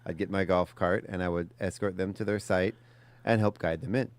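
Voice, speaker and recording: A man co-hosts a morning radio show and tells stories at an easygoing, unhurried pace. His voice sits very low and sounds smooth and resonant. The studio microphone picks it up dry and close. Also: steady tone, dry recording. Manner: easygoing, unhurried anecdote telling. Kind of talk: casual on-air chat and storytelling.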